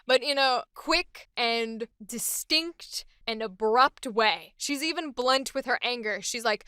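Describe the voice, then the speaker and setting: A woman's voice: a little high, measured pace, few pauses, pushed and bright, clear, resonant tone, no echo, clean studio sound. A woman voice actress chatting enthusiastically about a character she is voicing. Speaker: voice actress hosting a character series. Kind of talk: casual chat.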